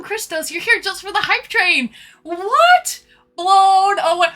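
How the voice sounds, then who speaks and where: A Canadian woman with a Canadian accent, chatting excitably on a live stream as she reads out her chat. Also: extremely high pitch, takes it slowly, a little hiss or hum.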